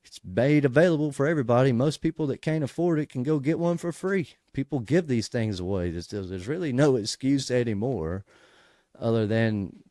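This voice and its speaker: A man's voice: medium pitch, animated, normal speed, dark tone, dry recording, clean studio sound. A man hosting a casual Bible study show, explaining verses in a conversational way, with frequent restarts and sudden emphatic bursts.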